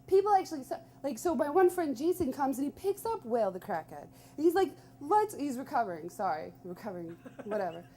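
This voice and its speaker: A young woman telling a personal story live, chatty and animated, full of "like". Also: high voice, fast talker, hardly any pauses.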